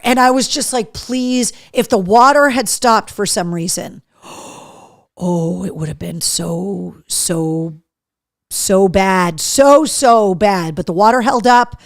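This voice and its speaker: Woman host, higher voice, dry close sound, animated and profane, reads viewer comments live. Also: dry recording. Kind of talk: live show chat reading viewer comments.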